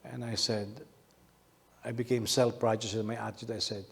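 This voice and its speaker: A man pastor from the Philippines preaching a sermon, animated, with many repetitions and rhetorical questions. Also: fairly low pitch, normal speed, gravelly.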